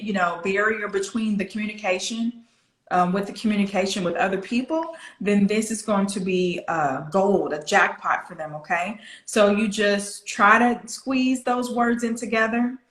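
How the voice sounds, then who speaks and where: A woman's voice: medium pitch, roomy sound. A woman from the United States, a pronunciation coach, patiently explaining and demonstrating phrasing over a video call. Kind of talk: coaching over an online interview.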